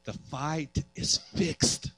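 A man's voice: extremely slow, bright, forceful tone. A man preaching a sermon as pastor, building fervor and acting out quotes.

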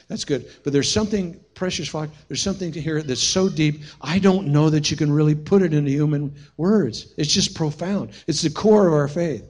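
A man's voice: on the high side, a little fast, hardly any pauses. A man preaching a sermon as pastor, telling stories with humorous asides. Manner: storytelling, humorous, animated asides.

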